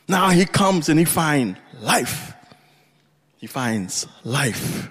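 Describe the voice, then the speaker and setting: A man preaching a sermon with fervent passion, moving from low, measured speech to bursts of shouting. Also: sing-song, husky. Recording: long reverb of a large hall.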